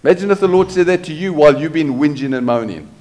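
A man preaching to his congregation in an animated way. His voice sits a little high for a man, and he keeps checking in with the room through rhetorical questions. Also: quick pace. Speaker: pastor. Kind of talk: sermon.

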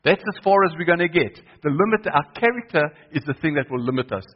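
A man's voice: a little high, expressive, fast, dull audio. A man preaching a sermon in church, often asking the congregation questions and repeating key phrases for weight. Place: church hall.

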